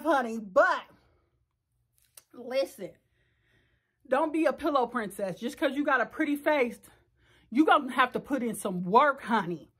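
A woman's voice: high voice, lively intonation, moderate pace, pauses often, fairly bright tone, breathy edge. A woman, chatting frankly and bawdily to the camera from her bedroom, often laughing and joking. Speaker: vlogger. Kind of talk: casual chat to camera.

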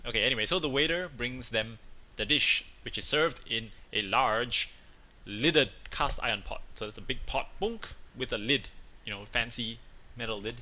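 Bright-voiced man chatting playfully. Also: medium pitch, normal speed, a little hiss or hum. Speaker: host. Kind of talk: casual chat, telling a joke.

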